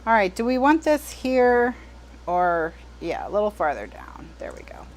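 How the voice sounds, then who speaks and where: Slow-talking American woman chatting while crafting. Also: medium pitch, sing-song, slight background noise. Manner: chatty and exasperated, trailing off and restarting. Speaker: host of a live crafting stream. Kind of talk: casual chat while crafting.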